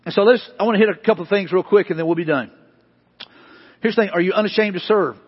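A man with a high, husky voice preaches from the pulpit, hammering home repeated questions and swelling into emphatic peaks. The sound is dull and lo-fi, with a long reverb tail from a church sanctuary. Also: quick pace. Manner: repetitive, emphatic preaching with rising bursts. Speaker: pastor. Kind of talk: sermon. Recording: dull lo-fi hall recording.

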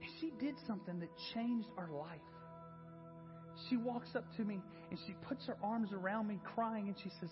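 A man's voice: high voice, normal speed, big-room sound, dull audio, over music. A man preaching a sermon in a church and sharing an earnest personal testimony. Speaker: pastor. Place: church sanctuary.

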